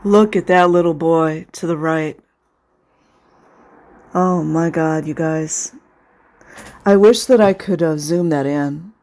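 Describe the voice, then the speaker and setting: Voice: mid-range voice, takes it slowly, long pauses, a little mellow. A video commentator talking casually over footage, sarcastic and indignant, sometimes sounding close to tears.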